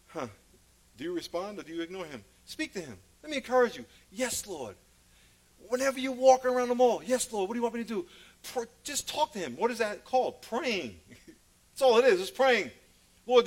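Male preacher, high voice, playful storyteller, swings from loud to hushed. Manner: storytelling, playful, laughs at his own stories; sudden loud calls and drops to a hush. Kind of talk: sermon.

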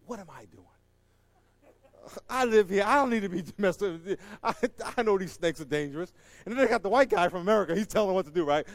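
A man doing stand-up storytelling, animated and acting out the voices in his story while laughing at it himself. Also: fairly high pitch, no echo. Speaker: comedian.

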